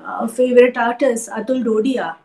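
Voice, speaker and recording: A woman with an Indian English accent, an art historian and teacher, speaking thoughtfully in an interview with many pauses and fillers. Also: a little high, a little mellow, slight background noise, low-quality recording. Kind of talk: interview conversation.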